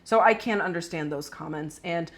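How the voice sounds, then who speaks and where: Woman from the us ranting casually on her commentary channel, kinda low voice, lots of "right?". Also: moderate pace. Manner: chatty and opinionated, frequent "right?" asides.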